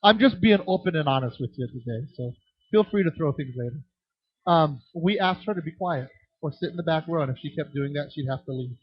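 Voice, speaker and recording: A man with a slightly high, breathy-edged voice speaks a little fast while training children's ministry workers and taking questions from the audience. He acts out characters' voices in animated anecdotes, restarting often. The sound is dry, dull lo-fi without echo.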